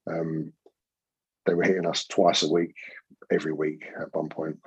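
Husky London man telling war stories. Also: rumbling low, normal speed, no echo. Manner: swearing, slangy, animated anecdotes. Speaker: podcast guest, former pirate radio owner. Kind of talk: casual storytelling chat. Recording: dull, dry lo-fi podcast audio.

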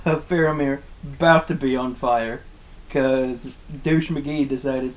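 A man's voice: medium pitch, steady tone, slow, low-quality recording. A man in his twenties co-hosting a podcast, casually retelling movie scenes with profane jokes. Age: 20s. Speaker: podcast co-host. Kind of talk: casual movie recap chat.

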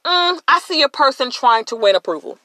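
A woman's voice: high voice, sing-song, a little fast, bright, forceful tone, dry recording. A woman hosting a podcast, giving an emphatic, preachy motivational faith talk and addressing listeners directly. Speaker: podcast host.

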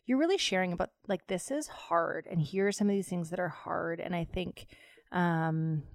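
Low gravelly woman hosting an interview. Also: moderate pace, dry recording, clean studio sound. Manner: empathetic, reflective, many fillers. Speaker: podcast host. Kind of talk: conversational interview.

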